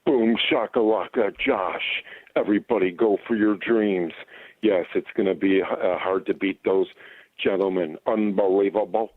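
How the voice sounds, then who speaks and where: Caller: deep, upbeat man from Michigan, pep-talk delivery, tinny phone line. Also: fairly even intonation, unhurried, no echo. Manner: upbeat, motivational catchphrases. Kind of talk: call-in sports radio chat.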